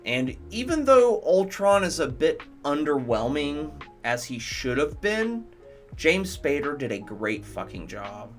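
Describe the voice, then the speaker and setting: A man's voice: fairly high pitch, sing-song, measured pace, soft background music. A man reviewing movies in casual commentary, enthusiastic, profane and rambling.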